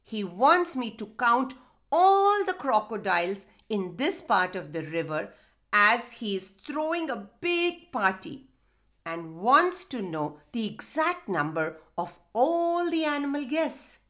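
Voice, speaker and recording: A woman's voice: fairly high pitch, big pitch swings, slow pace, fairly bright tone, exaggerated voice. A woman voicing a small, clever, boastful male mouse deer in a storybook reading, talking in a sly, playful, sing-song way. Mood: scheming.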